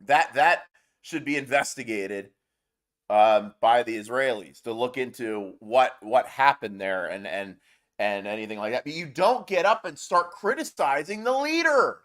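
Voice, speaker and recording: A man's voice: medium pitch, expressive, measured pace, fairly bright tone. A man hosting a political commentary show, ranting in a heated, sarcastic way with mocking asides.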